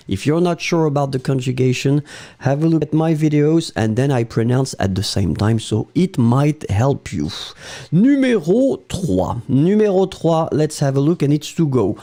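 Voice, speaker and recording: A man's voice: mid-range voice, warm tone. A French man teaching his language in English, reading out viewer comments and spelling verb endings, with a French accent. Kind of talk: live-streamed language lesson.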